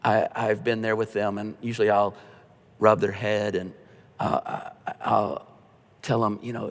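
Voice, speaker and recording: A middle-aged man preaching a conversational sermon as a pastor, earnest and storytelling, going hushed at tender moments. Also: on the low side, little pitch movement, measured pace. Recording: long reverb of a church hall.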